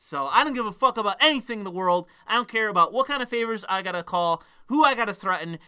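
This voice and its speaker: A man's voice: sits high, lively intonation, quick pace, hardly any pauses, bright, forceful tone, smooth. A man venting in a heated, profane rant to his viewers. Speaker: vlogger. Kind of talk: ranting monologue to camera.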